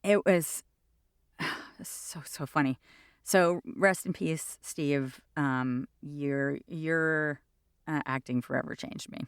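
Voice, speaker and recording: A woman in her fifties, a stage actor chatting in an interview, rambles through her stories in a lively way. Her voice sits a little low. The sound is dry, with no room echo. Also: slow, clean tone. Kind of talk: casual interview chat.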